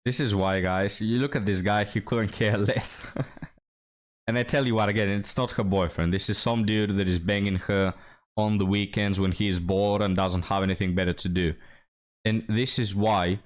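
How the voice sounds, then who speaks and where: A man with a fairly low voice gives blunt reaction commentary. He talks straight to his viewers and never softens his opinions. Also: moderate pace. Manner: blunt, addresses viewers as guys. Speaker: commentary channel host.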